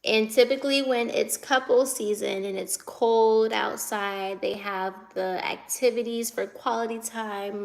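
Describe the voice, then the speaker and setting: A young woman from the United States hosts a live stream in a relaxed, unhurried way. She reads viewer comments aloud and chats back to them, laughing now and then. Her voice sits a little high and has a gravelly fry. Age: 20s. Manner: chatty, answers comments as they come in, laughs often.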